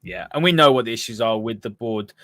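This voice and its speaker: A man hosts a football chat show at a rapid clip, casual and chatty. His voice is mid-pitched and sounds dry, with no room echo. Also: fairly bright tone. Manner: quick, chatty, reads out viewer comments. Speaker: podcast host.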